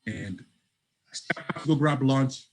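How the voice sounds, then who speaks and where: A man's voice: medium pitch, unhurried, noisy background. A man telling a personal story as an interview guest, acting out the lines of people in it. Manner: animated storyteller, acts out dialogue. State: breaks up at times on the line.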